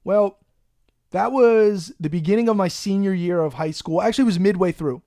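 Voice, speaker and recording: A man, hosting a podcast and telling a profane, animated story in a casual way. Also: high voice, moderate pace, dry recording, studio quality. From Long Island, New York. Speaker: podcast host.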